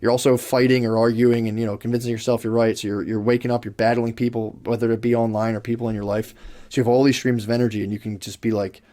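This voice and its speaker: A man's voice: medium pitch, flat delivery, fast talker, mellow. A young man co-hosting a podcast in casual chat, talking in long, looping sentences full of "like", restarts and swearing. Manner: rambling, swears freely, many restarts and "like". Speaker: podcast co-host. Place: podcast studio.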